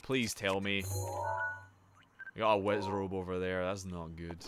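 A man streaming a video game live. He is excitable and sweary, and chats to his viewers while he plays. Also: deep voice, measured pace, over music. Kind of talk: live gameplay commentary.

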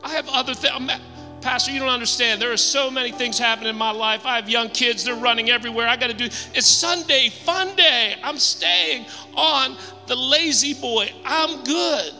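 A man's voice: very high-pitched, moderate pace, sharp tone, full character voice. A man playing a comfortable churchgoing man who makes excuses, in a drawling, self-satisfied way. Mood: complacent. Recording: long hall reverb, faint music.

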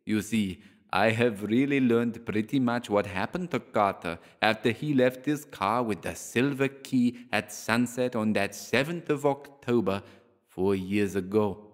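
Storybook figure: man playing a calm swami from India, labored, strange voice, lowish, echoing hall. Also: lightly acted. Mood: measured. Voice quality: oddly labored yet idiomatic voice. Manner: measured, knowing. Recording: long hall reverb.

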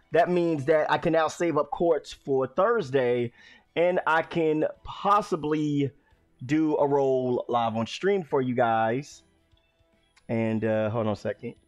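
A man casually streaming a game, rambling and restarting his sentences, sometimes bursting into loud exclamations. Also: a little high. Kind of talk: casual let's-play commentary.

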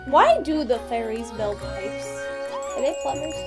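Woman, high voice, lively pitch, let's-play chat, giggly, swearing, game music behind. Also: measured pace. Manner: giggly, swearing, loud exclamations. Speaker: gaming video co-host. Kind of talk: casual let's-play banter.

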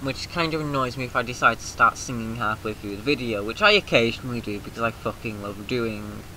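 A British man giving casual, excitable let's-play commentary, swearing freely and shouting rallying cries, with a slightly mucousy throat. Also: medium pitch, brisk, a little hiss or hum, poor audio. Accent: British English. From Britain. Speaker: gaming video host.

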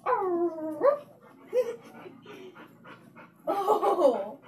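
A woman's voice: very high-pitched, sing-song, very slow, darkish tone, far from the mic. Squealy young woman gushing over dogs. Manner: gushing baby talk, squeals and laughs. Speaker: vlogger. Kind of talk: casual vlog, talking to pet dogs. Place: indoors in a house.

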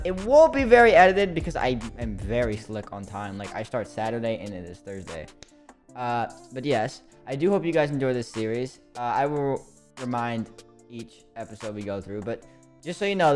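A man's voice: medium pitch, darkish tone. A man in his late teens chatting casually to viewers as he plays a game. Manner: chatty, slangy, talks to viewers. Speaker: gaming youtuber.

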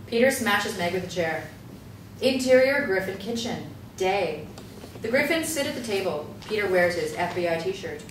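A woman reads out stage directions in a brisk, matter-of-fact way during a script table read. Her voice is caught from afar in an echoey room with faint hiss. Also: mid-range voice, expressive, distant mic. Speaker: narrator reading stage directions.

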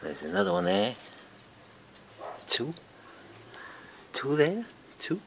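A Welsh-accented gardening vlogger strolls through his outdoor garden with a handheld camera or phone, rambling slowly, muttering to himself and switching between English and Welsh. His mid-range, fairly bright voice swings hugely in pitch, over a little hiss or hum.

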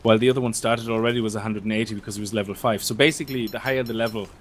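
A man hosting a let's play, chatting casually and explaining game mechanics in a relaxed way. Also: lowish voice, racing, a little hiss or hum. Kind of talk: casual gameplay chat.

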